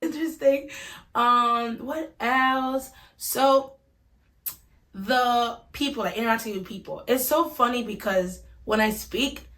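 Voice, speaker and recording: Young puerto rican woman, american accent, fairly high voice, chatty vlog talk. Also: slow pace, fairly bright tone. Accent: American, Atlanta-influenced. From Puerto Rico. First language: Spanish. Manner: upbeat, chatty, says like a lot. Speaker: vlogger. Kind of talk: casual vlog.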